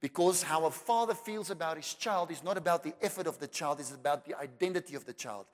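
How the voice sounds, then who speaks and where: A South African man preaching a sermon with emphasis, repeating words for effect and building to loud declarations. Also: on the high side, fast. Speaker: pastor. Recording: long reverb of a large hall.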